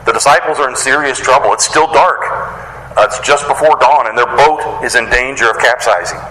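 A man preaching a sermon, animated and casual, who acts out the voices of the people he quotes in a higher pitch. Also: a little fast, reverberant, poor audio. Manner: casual wording with playful slang. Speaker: pastor.

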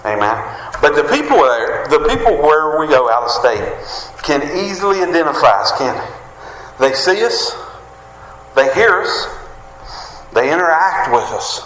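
A man's voice: fairly high pitch, big pitch swings, fairly bright tone, a little hiss or hum. A man with a West Virginia Appalachian accent preaching a sermon in a folksy way, calling out for amens. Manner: folksy, calls for amens, drawn-out emphatic phrases. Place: church sanctuary. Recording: echoey hall with long reverb.

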